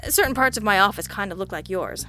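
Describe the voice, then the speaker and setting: A woman reading as a deadpan male detective. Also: mid-range voice, fast talker, soft background music. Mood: dry. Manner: dry, offhand quips.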